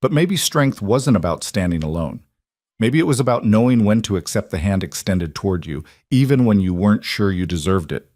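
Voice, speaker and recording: A man narrating a scripted emotional story in an even, measured storytelling manner. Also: fairly low pitch, dry recording, studio quality.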